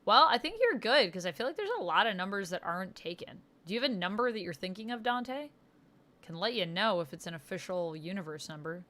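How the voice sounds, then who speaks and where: Here a woman with a sharp, mid-range voice talks animatedly and a little fast. As a livestream host in casual chat mode, she enthuses about comics and reads out viewer comments to answer them.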